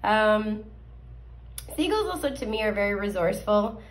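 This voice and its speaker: A woman's voice: mid-range voice, expressive, normal speed. Chatty young woman with a scratchy voice. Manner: chatty, many fillers and little laughs. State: scratchy voice, coughing. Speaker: tarot card reader. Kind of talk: casual pick-a-card reading.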